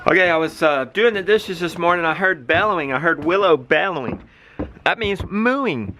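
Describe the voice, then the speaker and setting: A man's voice: on the high side, lively intonation, moderate pace, sharp tone, a little hiss or hum. A man hosting a casual family farm vlog, talking to his viewers in a chatty, playful way as he works outdoors. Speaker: vlog host.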